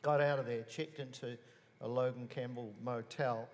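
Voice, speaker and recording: A man's voice: mid-range voice, fairly even intonation. Earnest New Zealand man in reverberant hall. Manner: earnest, halting, with many restarts. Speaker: musician on a panel. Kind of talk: panel discussion, personal recollection. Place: museum hall. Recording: reverberant hall, faint background hiss.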